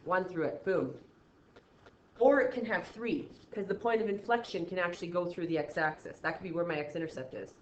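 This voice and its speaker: A woman's voice: lowish voice, normal speed, a little hiss or hum. Lady math teacher talking thru graphs, chatty, lots of "okay?", echoey classroom, kinda dull sound. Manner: chatty, acts out student reactions, frequent "okay?" check-ins. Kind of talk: recorded classroom math lesson. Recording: slightly dull, roomy recording.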